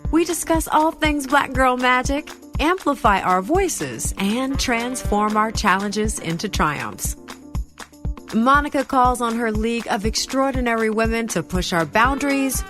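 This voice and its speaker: A woman's voice: fairly high pitch, lively intonation, measured pace, over music. A woman reading a scripted podcast intro in a polished, upbeat announcer style. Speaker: show announcer.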